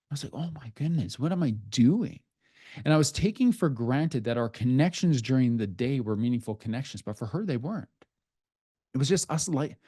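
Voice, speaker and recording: Man, middle-aged, podcast host, earnest and confessional, warm mellow tone, dry close-miked sound. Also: mid-range voice, no echo. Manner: earnest, confessional, speaks softly at emotional moments. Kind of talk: reflective personal podcast monologue.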